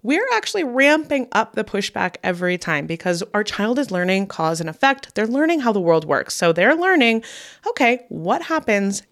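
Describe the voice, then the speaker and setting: A woman's voice: mid-range voice, very animated, normal speed. A woman in her thirties co-hosting a parenting podcast, chatting candidly, swearing freely and laughing often. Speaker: podcast co-host. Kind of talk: casual chat.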